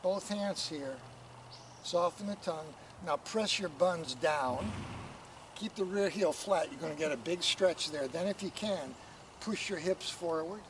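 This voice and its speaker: A man coaching a student through riding posture stretches with calm, step-by-step directions. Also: a little high, a little slow. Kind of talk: instructional coaching. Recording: distant mic, noisy outdoor background.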